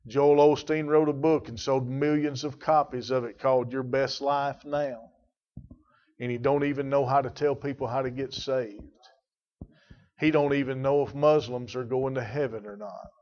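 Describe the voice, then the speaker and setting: A man delivering a sermon from the pulpit. His mid-range voice swells louder on key words and stretches them out for weight. The recording sounds dull and lo-fi. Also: mid-range voice, steady tone. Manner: emphatic preaching with rising volume and drawn-out stresses; addresses congregation members by name. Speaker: pastor.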